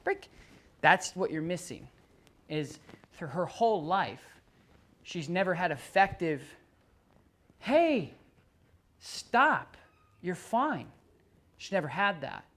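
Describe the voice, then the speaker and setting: A dog trainer working with a dog in front of its owner. The trainer explains calmly to the owner, then calls out commands and loud, high praise to the dog. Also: unhurried, pauses often. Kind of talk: hands-on training demonstration.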